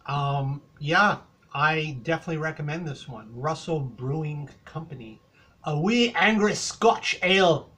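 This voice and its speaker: A man's voice: mid-range voice, a bit bright, breathy edge. An older man with a Canadian accent, talking through a casual rambling beer review, full of hesitations and fillers.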